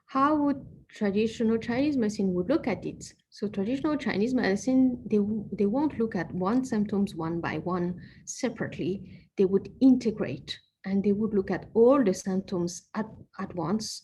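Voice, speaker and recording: Female practitioner, mid-pitched, patient teaching delivery, faint background hiss. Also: animated, moderate pace, hardly any pauses, mellow, poor audio. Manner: patient, explanatory, builds lists step by step. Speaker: acupuncturist. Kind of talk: explaining medicine to viewers.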